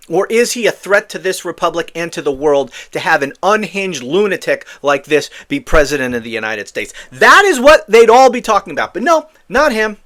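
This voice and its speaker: A man's voice: high voice, a bit bright. A man hosting a political commentary show, ranting in a heated, exasperated and profane way.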